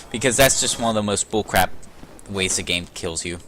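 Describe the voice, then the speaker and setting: A man's voice: fairly low pitch, brisk, sharp tone, slight background noise. Casual young man narrating gameplay. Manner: joking, sarcastic, swears casually. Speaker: let's play host.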